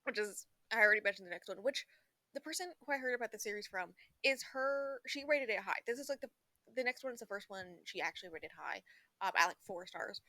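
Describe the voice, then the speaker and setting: A young woman casually reviewing a book she just read, rambling with lots of fillers and laughing now and then as she acts out quick lines. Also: medium pitch, lively intonation, pushed and bright, dry recording. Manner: rambling, filler-heavy, laughs often, breaks into quick acted quotes. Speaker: book vlogger.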